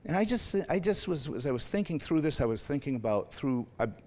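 A male pastor in a church sanctuary preaches in a loose, conversational, rambling style, quizzing the congregation and laughing at himself. His voice is a little high and darkish in tone, with big pitch swings and a brisk pace.

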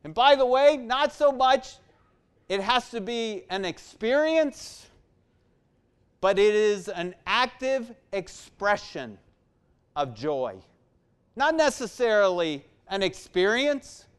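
Guy preaching a sermon, higher voice, slow and emphatic, gets loud then goes real quiet. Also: big pitch swings, clear, resonant tone.

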